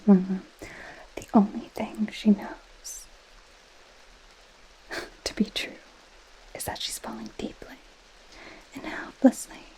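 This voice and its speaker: A woman playing a snarky, possessive goth girl friend in a whispered role-play. She reads aloud in a slow, unhurried hush and drops sarcastic, mocking asides. The whisper is close and soft, with a dry, teasing edge. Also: mid-range voice, poor audio. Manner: sarcastic, mocking commentary while reading aloud. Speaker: ASMR creator.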